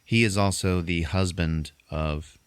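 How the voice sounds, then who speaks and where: A man's voice: deep voice, fairly even intonation, a little slow, clear, resonant tone, no echo. A man hosting a podcast, casually recapping a movie as a profane storyteller. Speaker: podcast host.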